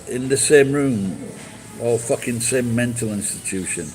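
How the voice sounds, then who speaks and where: A man's voice: medium pitch, a little slow, faint music behind, rough recording. A man live streaming and chatting with viewers, blunt and profane as he berates them.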